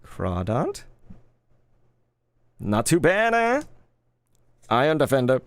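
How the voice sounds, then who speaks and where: A man in his thirties chatting casually while opening trading cards live, laid-back and quick to get excited. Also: medium pitch, no echo. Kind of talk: live card-opening stream chat.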